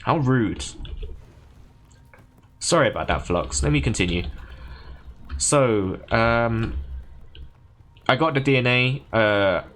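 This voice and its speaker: A man's voice: medium pitch, slow pace, pauses often, a bit bright, slight background noise. A man streaming a game, chatting casually and retelling a story in a rambling, self-correcting way. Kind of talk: casual chat while gaming.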